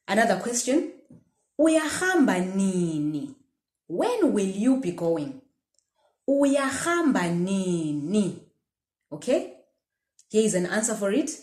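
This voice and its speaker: A woman's voice: mid-range voice, a little mellow. A woman teaching a language lesson, patiently modelling sounds and having the listener repeat after her. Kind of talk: slow language lesson with repetition drills. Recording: roomy echo.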